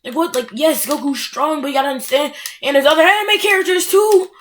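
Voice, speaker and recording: A woman's voice: high voice, fast talker, slight background noise. A young woman ranting casually and with exasperation, full of filler words and mocking quotes. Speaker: anime ranter. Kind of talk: casual rant.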